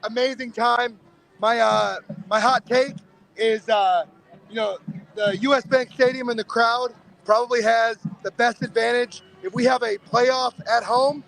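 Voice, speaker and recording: A man, an excited fan, calling in by phone from outdoors in the cold with his voice nearly worn out. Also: very high voice, measured pace, creaky, low-quality recording. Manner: excited, upbeat. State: nearly lost his voice from cheering. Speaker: fan calling in from outside the stadium.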